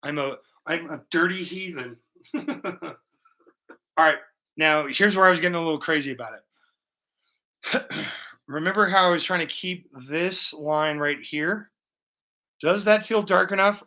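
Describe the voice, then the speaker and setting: Bright-voiced man chatting while painting. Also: fairly high pitch. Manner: loose, profane, chatty with viewers. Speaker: livestreaming painter. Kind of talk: casual live-stream chat while painting.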